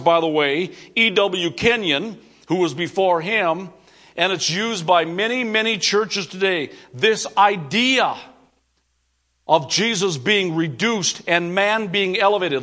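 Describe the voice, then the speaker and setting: Earnest high-voiced preacher man. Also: sharp tone. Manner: earnest preaching with emphatic repetition. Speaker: pastor. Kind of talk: sermon.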